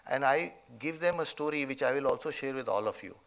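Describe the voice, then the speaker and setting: Gravelly Indian man giving a speech. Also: medium pitch, fairly quick, hardly any pauses, a bit bright. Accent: Indian English. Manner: emphatic, repeats "okay?" and "you know". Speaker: convocation chief guest speaker. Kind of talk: motivational speech with a told story. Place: large convocation hall.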